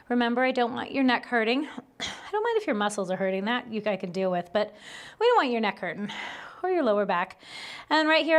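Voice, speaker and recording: A woman's voice: on the high side, a bit bright. A woman leading a guided Pilates workout, cueing each move while exercising along and a little out of breath. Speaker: Pilates instructor.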